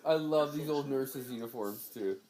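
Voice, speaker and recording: A man co-hosting a comedy podcast, chatting excitably while watching a film. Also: mid-range voice, normal speed, low-quality recording. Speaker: podcast co-host. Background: film soundtrack music.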